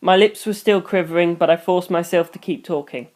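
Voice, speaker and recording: A host reads a novel aloud in the first person, taking on a boy narrator's voice. The voice sits at a plain, middle pitch. Dry, deadpan humor slips into the asides. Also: a little fast, few pauses. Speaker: channel host reading a fan novel aloud.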